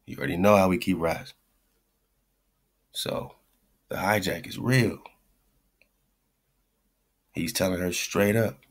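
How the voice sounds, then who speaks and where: A man's voice: deep voice, unhurried, pauses often. A man hosting a radio show, giving blunt, slangy, profane commentary on a clip he is playing and repeating his points.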